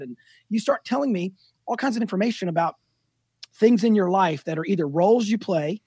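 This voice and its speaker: A man in his fifties with a notably high, husky voice, telling lively, self-deprecating stories as a guest author. The recording is dry and close, with no room sound. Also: fairly quick, no room sound. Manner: animated, self-deprecating storyteller. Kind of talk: casual storytelling interview.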